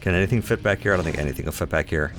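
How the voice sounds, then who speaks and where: A man with a very low voice talks through his gameplay in a loose, chatty way, musing to himself and poking fun at his own choices. A faint hiss sits behind the voice. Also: rapid-fire. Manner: self-deprecating, playful. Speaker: let's play host. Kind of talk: casual gameplay commentary.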